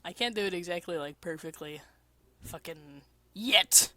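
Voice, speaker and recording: A woman's voice: lowish voice, measured pace, sharp tone, no echo. Congested woman rambling and swearing casually. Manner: crude, swears often, rambling with fillers. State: congested, mucusy throat. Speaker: streamer. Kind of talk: casual rambling stream chat. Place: basement apartment.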